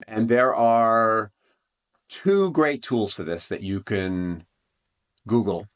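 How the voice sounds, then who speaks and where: A man's voice: lowish voice, takes it slowly, clean tone. A man hosting a relationship advice podcast, talking in an earnest, conversational way with frequent restarts and asides. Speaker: podcast host.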